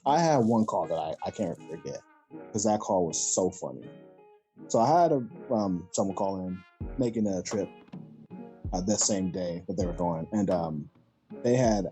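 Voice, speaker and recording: A podcast co-host in casual chat, telling lively stories and acting out callers. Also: medium pitch, moderate pace, pauses often, soft background music. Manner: animated storyteller acting out callers. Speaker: former call center agent.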